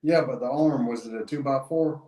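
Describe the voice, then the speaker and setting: A man speaks in short, dry remarks, his voice carrying a roomy echo. He sounds casual and laid back among his co-hosts. His pitch sits in the middle. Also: brisk, dark tone. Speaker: podcast co-host, HVAC technician. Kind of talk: casual chat.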